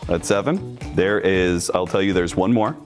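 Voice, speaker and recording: A man's voice: low-pitched, moderate pace, faint music behind. A man hosting a trivia quiz with players, upbeat and encouraging. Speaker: quiz host.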